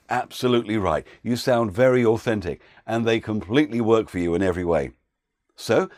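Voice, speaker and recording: A man who works as a voiceover coach, giving an instructional talk with clear, patient explanations. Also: on the low side, a little mellow, no room sound, studio quality.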